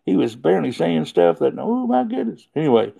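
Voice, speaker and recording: A man's voice: a little high, sing-song, brisk, vocal fry, dark tone. A man hosting a casual livestream from his phone, rambling and chatty and laughing often. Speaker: livestream host.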